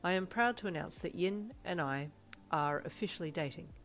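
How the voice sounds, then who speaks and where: Woman reader playing a proper, polite schoolboy; low voice, faint music under it. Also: lively intonation, moderate pace, a bit bright. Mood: formal. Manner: stiff, proper and earnest. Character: formal, polite young male student. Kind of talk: reading a fan fiction aloud. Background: faint backing music.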